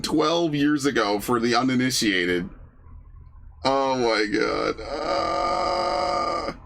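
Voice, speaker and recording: A man's voice: mid-range voice, vocal fry, a bit bright, a little hiss or hum. A gaming channel host in casual commentary over his old videos, loose and profane, laughing often.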